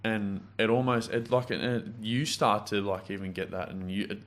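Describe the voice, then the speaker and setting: A man's voice: lowish voice, fairly even intonation, moderate pace. A young man with an Australian accent, chatting casually as a guest and telling school stories with lots of restarts and fillers. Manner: storytelling with frequent restarts and fillers. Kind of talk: casual chat.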